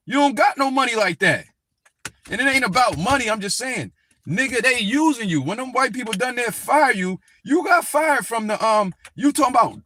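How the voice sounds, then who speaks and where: In his heated live commentary, this man speaks directly to the person he's attacking, his high voice expressive, pushed, and bright at a moderate pace. Some faint hiss or hum is present in the recording.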